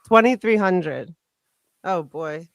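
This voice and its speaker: A chatty woman hosting a live stream, teasing her guest and rushing through stories. Her voice is smooth and clear, and the sound is dry and close. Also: on the low side, no echo. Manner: chatty, teasing, fast storytelling. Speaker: host. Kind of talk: casual chat on a live stream.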